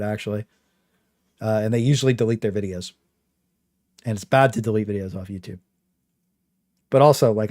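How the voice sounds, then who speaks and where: A man's voice: mid-range voice, mellow, no echo, studio quality. A young man casually chatting on his game livestream, rambling with lots of fillers and a trolling swagger. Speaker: game streamer.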